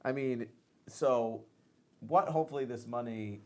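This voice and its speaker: A man at an ordinary middle pitch, co-hosting a loose podcast conversation. He prods and teases with quick, probing questions and keeps the banter rolling. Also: darkish tone. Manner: probing, teasing, fast banter. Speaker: podcast co-host. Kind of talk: casual chat.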